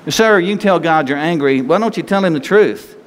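Man preaching, high voice, conversational sermon, rhetorical questions, echoing hall. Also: animated, brisk. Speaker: pastor. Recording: long reverb hall, faint noise.

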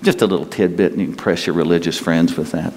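A man preaching a sermon in a conversational way, asking his listeners questions and leaving pauses. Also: deep voice, steady tone, background noise. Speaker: pastor. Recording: long hall reverb.

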